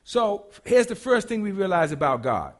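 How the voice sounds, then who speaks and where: A man's voice: sits high, very animated, normal speed. A man preaching a sermon, colloquial and humorous, acting out quotes and asides as he teaches. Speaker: pastor.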